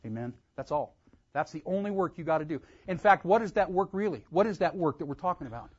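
A man preaching a sermon, swelling into loud emphatic cries. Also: a little high, expressive, quick pace, husky, highs cut off. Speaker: pastor.

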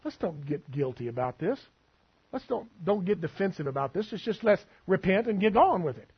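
A man's voice: high-pitched, big pitch swings, fairly quick, husky, dull audio. A man preaching a sermon as pastor, folksy and full of asides and humor.

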